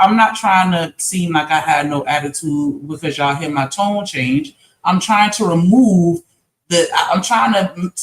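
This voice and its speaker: A man's voice: high voice, a bit bright. A man on a live-stream panel, explaining himself earnestly and at length in casual talk. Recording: roomy echo.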